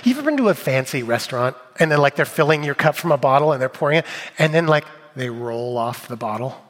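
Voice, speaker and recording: A man preaching a sermon, telling funny stories with lively delivery and dropping to quiet, serious asides. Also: medium pitch, fast, in a large hall. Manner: animated, jokey storyteller, shifting between loud bits and quiet asides. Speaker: pastor. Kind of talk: sermon with comic storytelling.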